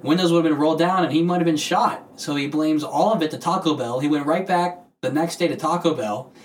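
A man's voice: fairly high pitch, slight background noise. A young man hosting a casual podcast, chatty and jokey, retelling odd news stories, heard from a distant mic. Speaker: podcast host.

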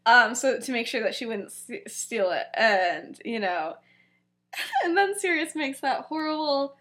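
Giggly high-voiced young woman. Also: animated, unhurried, sharp tone. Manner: giggly, lots of "like" and "um" fillers. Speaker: podcast co-host. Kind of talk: casual chat retelling a story.

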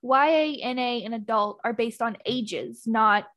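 A woman's voice: fairly high pitch, a little slow, fairly bright tone. A woman co-hosting a casual book podcast, opinionated and laughing often. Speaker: podcast co-host.

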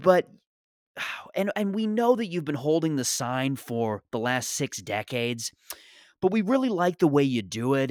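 A man's voice: medium pitch, no echo, clean studio sound, lightly acted. A man putting on the voice of a manager who hesitantly coaxes a worn-out worker to stay on. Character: tired male manager coaxing a worker to stay.

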